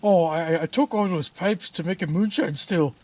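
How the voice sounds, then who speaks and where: A man's voice: sits high, moderate pace, no room sound. A man voicing a blustering, insulting male moonshiner who rants about conspiracies, with a put-on Scottish accent. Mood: ranting. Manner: insulting, loud and shouting.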